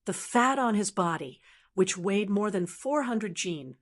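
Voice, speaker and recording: A woman's voice: mid-range voice, animated, measured pace. Woman narrating a fantasy audiobook. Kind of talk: scripted narration.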